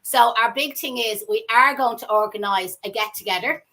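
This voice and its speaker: A woman's voice: on the high side, moderate pace, sharp tone, rough recording. A woman with a strong Dublin accent, a flower school tutor chatting casually and telling stories. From Ireland. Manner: chatty, colloquial, storytelling. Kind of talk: casual chat.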